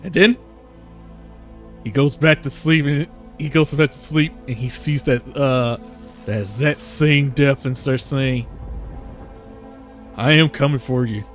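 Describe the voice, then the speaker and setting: A man's voice: medium pitch, unhurried, soft background music. A man narrating a tabletop game as game master, rambling with fillers and laughs.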